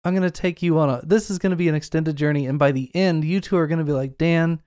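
Higher-voiced man lecturing on a podcast. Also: fairly even intonation, fast talker, a little mellow, clean tone, no room sound, clean studio sound. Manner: explains at length, lecturing tone. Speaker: podcast co-host. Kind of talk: casual podcast chat.

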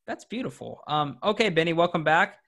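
A man's voice: on the high side, animated, gravelly, noisy background. Teasing young man co-hosting a sports podcast. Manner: teasing, rambling, quick jokes at his co-hosts. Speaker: podcast co-host. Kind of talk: casual sports chat.

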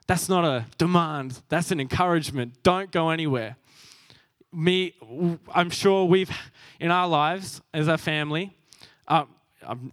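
A man's voice: on the high side, no room sound, studio quality. A young man preaching a sermon, earnest and self-deprecating, laughing at himself as he goes.

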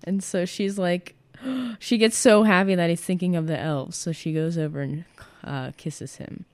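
A woman's voice: fairly low pitch, moderate pace, a little mellow, no room sound. A young woman chatting casually about books, rambling with lots of fillers and giggles.

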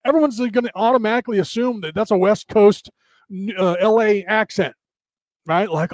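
American guy hosting a stream, rattles on fast with lots of "right?", voice a touch high, dry close mic. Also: no room sound. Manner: fast, rambling, full of "right?" and mock voices. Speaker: host of a live-streamed show. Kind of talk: casual rambling monologue. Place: home setup, camera off.

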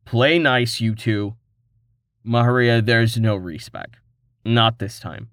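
A man's voice: mid-range voice, slow, fairly bright tone, no room sound. A weary young adventurer, voiced by the male narrator close to his own natural voice. He talks in a tired but patient way, recorded dry and close.

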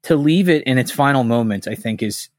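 A man's voice: medium pitch, expressive, brisk, dry recording. Guy on a podcast, mid-range voice, dry close mic, swears a lot, gets fired up telling stories. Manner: candid, profane, heated storytelling. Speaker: podcast host. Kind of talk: casual podcast chat.

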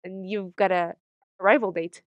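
A young woman from Morocco, speaking candidly in an interview, animated and sardonic, laughing often as she talks. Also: mid-range voice, normal speed, no echo, dull audio.

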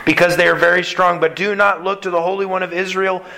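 A man preaching a sermon as pastor, earnest and animated, with quick asides between scripture readings. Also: sits high, creaky, poor audio.

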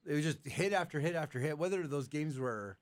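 A man's voice: on the high side, animated, fairly quick. A man co-hosting a podcast, chatting casually with lots of "like", sounding congested from allergies. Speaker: podcast co-host.

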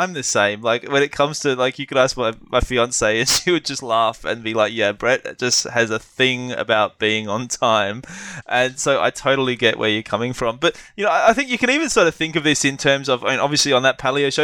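A man's voice: medium pitch, pushed and bright, smooth, no room sound. A man co-hosting a podcast in a casual, reflective chat, rambling a little and restarting his sentences. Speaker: podcast co-host.

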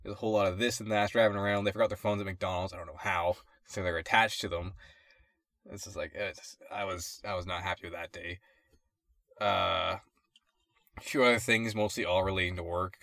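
Bright-voiced young man ranting with laughs. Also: low voice, no echo. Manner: laughs often while ranting, swears a lot. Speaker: podcast co-host. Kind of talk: casual chat.

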